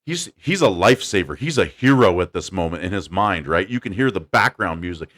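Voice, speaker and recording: A man hosting a podcast, telling a story in a casual, animated way and laughing as he goes. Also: low voice. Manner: animated, laughing storyteller doing quick voices. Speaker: podcast host.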